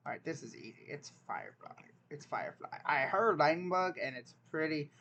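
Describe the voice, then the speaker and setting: A man's voice: fairly high pitch, big pitch swings, fairly quick, creaky, pushed and bright, muffled recording, slight background noise. A young man, casually reacting to a dialect quiz, joking and incredulous as he thinks aloud. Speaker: vlogger taking an online dialect quiz.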